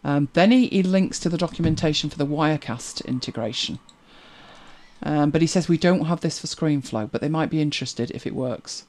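A woman's voice: low-pitched, fairly quick, a little mellow. A British woman co-hosting a casual live stream, rambling through forum posts and viewer comments, humming to herself and chuckling as she goes.

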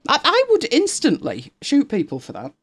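Co-hosting a relaxed live chat stream, a woman from the United Kingdom reads while thinking out loud, laughing a lot and keeping a sarcastic, talkative tone. She speaks at a moderate pace in a fairly high, slightly rough voice whose pitch swings enormously.

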